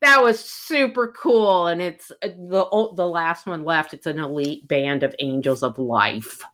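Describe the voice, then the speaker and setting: A woman with a slightly low voice, chatting casually as she animatedly recaps a story. She quotes the characters as she goes and keeps her own plain voice for them. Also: a little slow, fairly bright tone. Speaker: book discussion co-host. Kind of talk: casual chat recapping a book plot.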